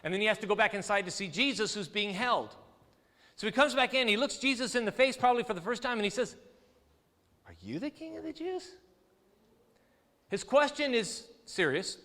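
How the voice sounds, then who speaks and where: A male pastor preaching a sermon, telling the story with lively, acted-out quotes. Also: high voice, fast talker, in a large hall. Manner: animated storytelling preacher, acts out quoted voices. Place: church sanctuary.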